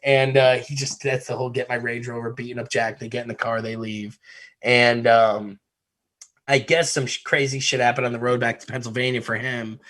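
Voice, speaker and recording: A man's voice: mid-range voice, normal speed. A man from Connecticut hosting a podcast, telling a wild story in a casual, profane way, laughing as he goes. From Connecticut, USA. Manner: profane, animated, laughs through his story. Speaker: podcast host.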